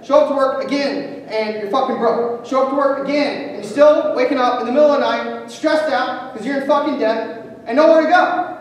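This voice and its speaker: A man giving a profane, impassioned motivational speech, swinging from loud to hushed. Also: very high-pitched, slight background noise. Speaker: motivational speaker. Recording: echoey hall, voice from far off.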